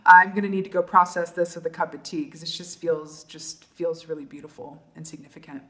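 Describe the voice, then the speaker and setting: A woman doing a tarot reading for her viewers, talking softly and emotionally, with many fillers and trailing pauses. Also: deep voice, flat delivery. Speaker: tarot reader. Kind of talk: casual tarot reading to camera.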